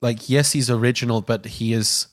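A man's voice: medium pitch, fairly even intonation, moderate pace. A man co-hosting a studio film podcast, blunt and casual in his remarks. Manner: blunt, casual, drops a swear word. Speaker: podcast co-host. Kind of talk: casual film news chat.

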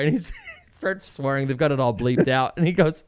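A man's voice: mid-range voice, a little fast, no room sound. Sarcastic middle-aged male talk host. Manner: sarcastic, lively storytelling with mocking quoted voices. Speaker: radio talk show host. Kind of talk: opinionated political talk.

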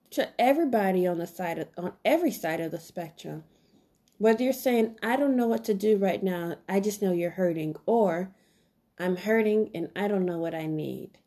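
A woman's voice: medium pitch, warm tone. A woman hosting a solo podcast, giving an earnest, encouraging self-help talk with lots of repetition. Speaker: podcast host.

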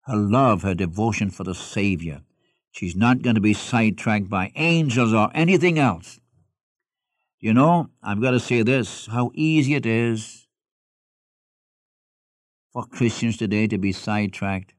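A man's voice: fairly low pitch, measured pace, long pauses, dry recording, clean studio sound. A man preaching a sermon who reads scripture aloud and puts questions directly to his listeners. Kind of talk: expository sermon.

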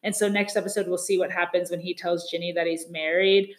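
A woman co-hosting a podcast in casual chat, talking fast and laughing often as she acts out the people she describes. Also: on the low side, echoey room. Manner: chatty, laughs often, quotes people in lively put-on voices. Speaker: podcast co-host. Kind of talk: casual chat recapping reality TV.

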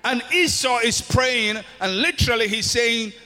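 A man's voice: very high voice, unhurried, bright, forceful tone. A man preaching a sermon with an impassioned, repetitive cadence in a church hall. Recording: long hall reverb.

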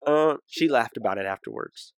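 A man's voice: medium pitch, lively intonation, normal speed, clean tone, dry recording. A young man co-hosting a podcast, telling a story in a casual, rambling way with many fillers. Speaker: podcast co-host.

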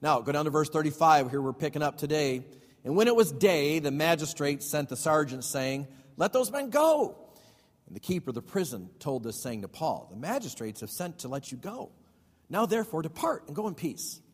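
A male pastor with a fairly high voice teaches from the Bible. He reads passages aloud and then breaks into casual explanations and questions for the congregation. His voice rings with a long reverb, as in a church hall. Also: lively intonation, a little fast. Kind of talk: Bible study sermon.

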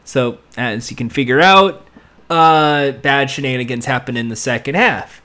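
A man's voice: mid-range voice, unhurried. A man rambling through a casual recap of a TV episode, acting out lines as he goes. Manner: rambling, animated, acts out lines. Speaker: TV episode reviewer.

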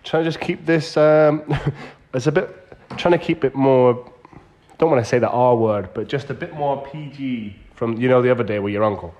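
A man's voice: mid-range voice, normal speed, a little mellow, highs cut off. A man hosting a comedy podcast, laughing and swearing as he links fake news segments. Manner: laughs a lot, loose and swearing. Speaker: podcast host.

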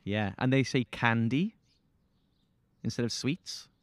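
A man's voice: medium pitch, takes it slowly, clear, resonant tone, dry recording, clean studio sound. A man from England, a teacher co-hosting a casual chat podcast, telling stories animatedly and mimicking his pupils.

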